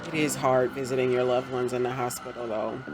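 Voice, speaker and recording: A woman's voice: a bass voice, flat delivery, brisk, noisy background. A woman hosting a casual rewatch commentary, blunt and joking, who swears freely. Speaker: host.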